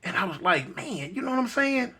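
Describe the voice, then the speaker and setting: A middle-aged man telling a personal story in a halting, moved way, repeating words and leaning on fillers. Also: extremely high pitch, sing-song, slightly rough. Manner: soft-spoken and moved. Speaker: guest telling his life story.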